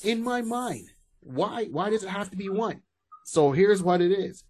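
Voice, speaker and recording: A man's voice: high-pitched, lively intonation, measured pace, a little mellow. A man co-hosting a podcast, chatting casually and rambling with restarts and asides. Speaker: podcast co-host. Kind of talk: casual chat.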